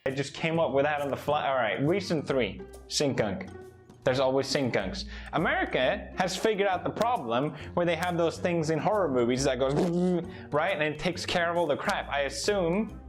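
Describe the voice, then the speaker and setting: A man's voice: a little high, animated, moderate pace, faint music behind. A European man delivering a comedic, sarcastic rant full of swearing. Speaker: comedy YouTuber.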